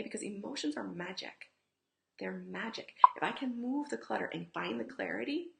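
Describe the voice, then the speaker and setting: A woman's voice: medium pitch, vocal fry, fairly bright tone. A middle-aged woman teaching in a frank, emphatic way, swearing freely and sometimes dropping to a whisper, speaking at a table at home. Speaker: healing teacher. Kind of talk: casual spoken teaching. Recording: echoey room with faint noise.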